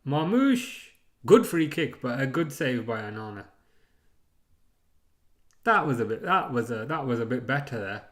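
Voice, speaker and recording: A man's voice: mid-range voice, sing-song, a little slow, long pauses. A man hosting a live football watchalong, chatting casually, rambling and chuckling as he reads out chat messages.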